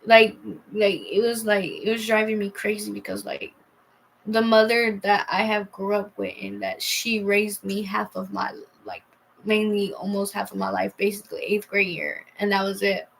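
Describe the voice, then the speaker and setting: A young woman telling a personal story in a casual vlog, rambling and halting as she reads out old texts. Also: mid-range voice, vocal fry, slight background noise, low-quality recording. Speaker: vlogger.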